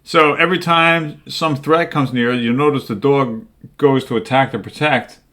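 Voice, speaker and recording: Man, co-host, casual comic recap, rambling storyteller, average pitch. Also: moderate pace, sharp tone. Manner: rambling storyteller, retelling plots with many "like" and "right?".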